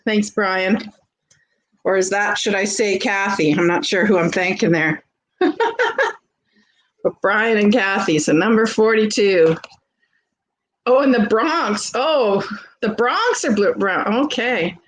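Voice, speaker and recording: A woman with a Canadian accent, hosting a live vintage sale and chatting warmly with viewers as she shows jewelry. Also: mid-range voice, slow, pauses often, poor audio. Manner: chatty and gushing, greets viewers by name. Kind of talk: casual live-stream selling.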